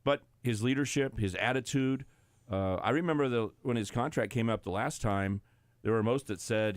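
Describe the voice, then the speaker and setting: A man's voice: lowish voice, normal speed, no echo. A man giving confident, opinionated football analysis as a guest on a sports radio show.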